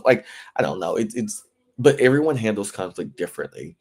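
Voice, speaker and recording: A man hosting a casual gossip recap, talking loosely with lots of fillers and jumping into high-pitched impressions of the people he quotes. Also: sing-song, a little fast, darkish tone. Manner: chatty, filler-heavy, acts out quoted lines in high voices. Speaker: recap show host.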